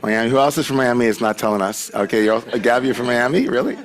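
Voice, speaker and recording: A man of medium pitch leads a Friday service, greeting newcomers and reading out announcements. He keeps it loose and chatty, joking with the room and leaning on filler words. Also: fast talker. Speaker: service leader at a congregation. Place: sanctuary with a congregation present.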